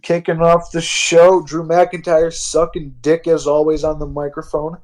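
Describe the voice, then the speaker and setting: A man who is a little drunk rambles through a casual podcast chat, swearing freely. His voice sits a little high for a man. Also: little pitch movement, a little slow, a little mellow, rough recording. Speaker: co-host.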